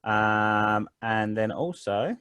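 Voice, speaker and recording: A man's voice: lowish voice, very slow, a bit bright, smooth, dry recording. A man narrating as game master of a tabletop game online, talking loosely with frequent ums and restarts. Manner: rambling, many fillers and restarts.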